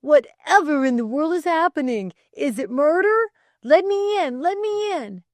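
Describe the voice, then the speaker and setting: A woman's voice: high-pitched, animated, unhurried, dry recording, voice pushed up. A woman doing a flustered, fussy young churchman. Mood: alarmed. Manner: flustered, insistent questioning. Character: earnest young male lay reader, fussy and flustered.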